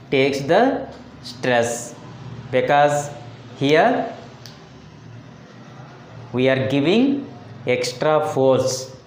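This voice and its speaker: A man teaching a lesson on word stress, speaking deliberately and repeating words and phrases for emphasis. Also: medium pitch, roomy sound, a little hiss or hum. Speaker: English teacher. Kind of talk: slow phonetics lesson.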